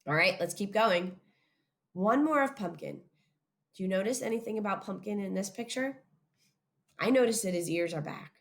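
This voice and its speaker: Woman, chapel talk for young children, expressive, asks the kids questions, mid-pitched voice. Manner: lively, expressive, speaks straight to children with questions. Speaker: school chapel speaker.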